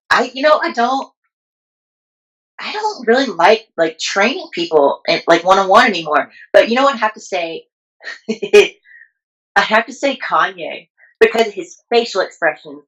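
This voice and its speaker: A woman with a slight Texan accent, a fitness coach telling lively, slangy stories as a podcast guest. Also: mid-range voice, measured pace, low-quality recording. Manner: animated storyteller, slangy. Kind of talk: casual interview chat.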